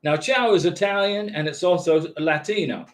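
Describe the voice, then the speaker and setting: A man's voice: a little high, moderate pace. A man hosting a live-stream visa advice chat from a home studio, answering viewers in a casual, reassuring way and often checking in with "okay?". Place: home YouTube studio with lights.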